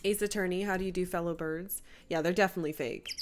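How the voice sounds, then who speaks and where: A woman's voice: fairly low pitch, steady tone, quick pace. A young woman streaming a game, talking casually and swearing freely as she chats. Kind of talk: casual live game commentary. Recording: clear background noise.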